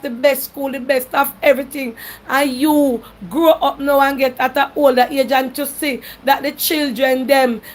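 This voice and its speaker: Lady radio host, high voice, lays out advice like a sermon. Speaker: radio talk show host. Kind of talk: call-in radio talk.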